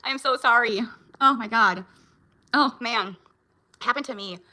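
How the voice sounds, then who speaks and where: A woman's voice: a little high, unhurried, sharp tone. A woman, a mom, chatting casually with her viewers in a vlog, reacting to their comments and laughing often. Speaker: vlogger and mom.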